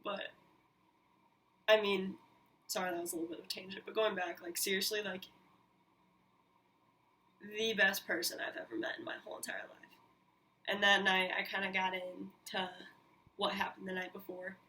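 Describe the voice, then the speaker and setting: A woman hosting her own podcast, telling a personal story in an animated, candid way, with frequent swearing and quick asides. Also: mid-range voice. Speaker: podcast host. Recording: mic a little distant, faint hiss.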